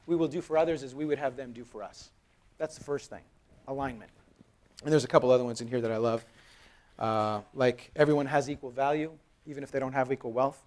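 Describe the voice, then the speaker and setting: A man's voice: medium pitch, fairly quick. A man in his thirties giving a live conference presentation, conversational and storytelling, joking with the audience. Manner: animated storytelling, acts out quoted dialogue. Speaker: conference speaker. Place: conference hall.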